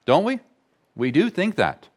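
A man preaching a sermon as pastor, slow and deliberate, repeating key phrases for emphasis. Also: a little high, wildly swooping pitch.

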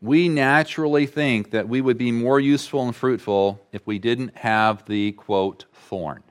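A man delivers a sermon at an unhurried, measured pace. He leans on repetition to drive his points home, and his voice sits in a middle register. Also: medium pitch, smooth. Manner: slow, deliberate preaching with emphatic repetition. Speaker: pastor.

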